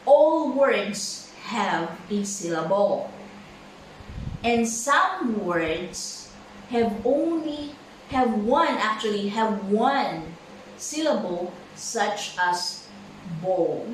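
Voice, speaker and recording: Slow woman teacher in an echoey room. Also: medium pitch, animated, recorded from a distance, slight background noise. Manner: slow, halting, many fillers and repeated words. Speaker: English pronunciation teacher. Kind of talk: slow classroom lesson.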